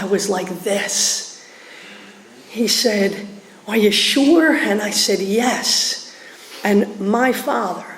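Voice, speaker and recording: Philly woman telling her story in a hall. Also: mid-range voice. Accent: Philadelphia. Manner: animated storyteller, acts out quoted voices, laughs often. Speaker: recovery meeting speaker. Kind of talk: personal testimony to a group. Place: meeting hall. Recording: roomy hall echo, faint background hum.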